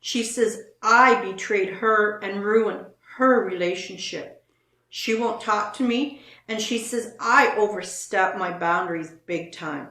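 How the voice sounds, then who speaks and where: A woman's voice: medium pitch, bright, forceful tone, echoey room. A woman co-hosting a casual show, reading online posts aloud and commenting on them.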